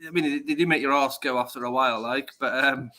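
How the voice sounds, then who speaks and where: A man in casual chat, talking rapidly and trailing off with fillers. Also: mid-range voice, fairly even intonation, pushed and bright.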